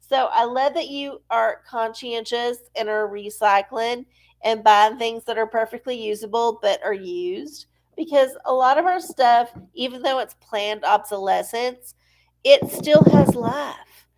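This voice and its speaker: A woman's voice: a little high, a little slow, a little mellow. A middle-aged woman hosting a live-stream oracle show, chatting casually and profanely, rambling off on tangents while sneezy from allergies.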